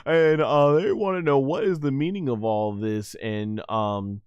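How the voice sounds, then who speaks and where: A man recapping and reviewing an anime episode in a casual, animated way, laughing often and full of fillers and restarts. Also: mid-range voice, unhurried, clean tone, no echo, highs cut off.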